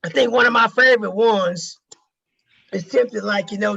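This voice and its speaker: A man's voice: high voice, normal speed, vocal fry, sharp tone, husky, dull audio. A man giving a casual sales training talk to a group, emphatic and repeating key phrases, with casual swearing.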